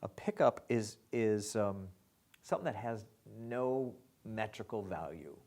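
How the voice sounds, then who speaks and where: A middle-aged man with a fairly low voice teaches lyric writing. He talks haltingly and often restarts his words. Dry jokes slip in, and he speaks rhythms out loud. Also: animated. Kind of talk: online lesson on lyric scansion.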